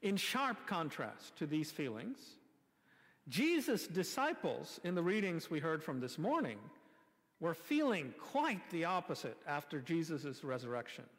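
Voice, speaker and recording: Male pastor, sermon delivery: expressive, wry, rhetorical, slightly high voice, church reverb. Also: unhurried. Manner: animated, rhetorical questions, wry asides. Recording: long reverb from a church hall.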